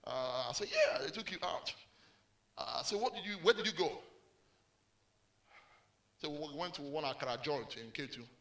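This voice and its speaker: A male pastor preaching a sermon, animated and full of call-and-response prompts to the congregation. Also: on the high side, normal speed, long pauses.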